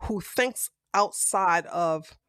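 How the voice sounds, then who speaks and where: A woman streamer giving blunt, profane live-stream commentary. She calls her listeners baby and honey with a sassy edge, and she breaks into loud outbursts. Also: on the low side, very slow, clear, resonant tone, no echo. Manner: blunt, heavy cursing, rising to loud outbursts.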